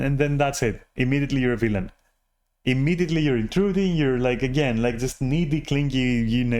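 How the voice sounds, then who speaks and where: A man's voice: mid-range voice, a little mellow. A man vlogging a rambling personal rant, frustrated and profane, often restarting his sentences.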